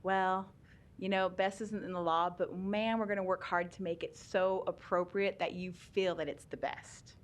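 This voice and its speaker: A woman's voice: on the low side, steady tone, normal speed. A woman giving a chatty talk on special education law at a public meeting, laughing often and using many ums.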